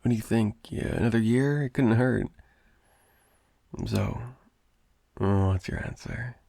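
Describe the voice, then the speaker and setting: A man's voice: medium pitch, takes it slowly, creaky, mellow, no room sound. A young man voicing a clingy, obsessive male roommate in an improvised audio roleplay, rambling and stammering with nervous laughs. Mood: fond, coaxing.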